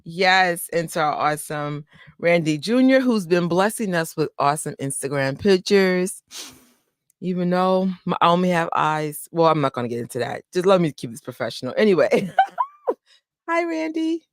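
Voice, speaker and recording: A young adult woman chats her way through a casual fan live stream at home, talking into a desk mic. She's excitable, greets viewers by name and laughs easily, and the sound is close and dry. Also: on the low side, moderate pace, no echo. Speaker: fan channel host. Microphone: desk microphone.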